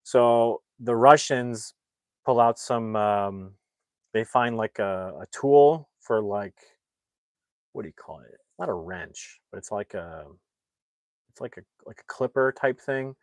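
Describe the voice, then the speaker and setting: A man's voice: mid-range voice, slow, clear, resonant tone, dry recording. A man hosting a livestream, casually retelling a film's plot in a rambling way with many restarts and acting out the characters' lines. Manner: animated, acts out the characters' lines. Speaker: movie reviewer and livestream host.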